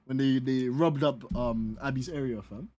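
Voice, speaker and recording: A man's voice: mid-range voice, normal speed, darkish tone, muffled recording, a little hiss or hum. A young man from North London with a London accent, bantering casually while sim racing, slangy and often laughing.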